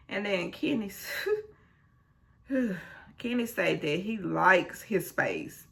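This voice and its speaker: A woman with a low, gravelly voice recaps a reality show in a casual vlog. She takes her time, acts out what people said, and drops blunt asides along the way. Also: slow, long pauses. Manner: animated retelling, acts out quotes, blunt asides.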